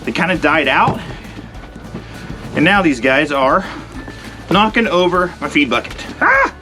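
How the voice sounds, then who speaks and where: A man hosts his ranch vlog outside at a sheep pen in the cold, talking to camera in an easygoing, rambling way while a bit out of breath. His voice is fairly high with lively intonation and a measured pace, and music plays in the background.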